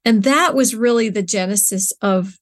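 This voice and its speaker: As a guest in a conversational interview, a middle-aged nonprofit co-founder speaks with a mid-range voice at a moderate pace. Her delivery is earnest and searching, and she frequently begins sentences anew with fillers.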